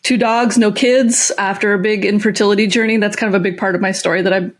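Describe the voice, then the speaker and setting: A woman's voice: medium pitch, steady tone, quick pace. Brief: woman podcast guest, coach, plain and direct, with dry self-deprecating humor. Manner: frank, matter-of-fact, self-deprecating humor. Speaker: guest, coach and content creator. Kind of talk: casual interview chat.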